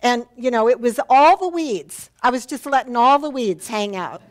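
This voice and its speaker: A woman's voice: on the high side, expressive, normal speed. A woman minister giving a Sunday sermon, telling a personal story in a heartfelt, earnest way. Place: church sanctuary.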